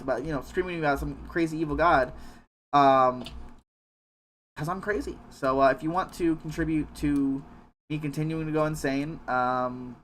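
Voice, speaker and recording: A man's voice: medium pitch, a little hiss or hum. A man live-streaming a game, chatting casually with viewers in a rambling, joking way with plenty of swearing. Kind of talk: casual live-stream chat while gaming.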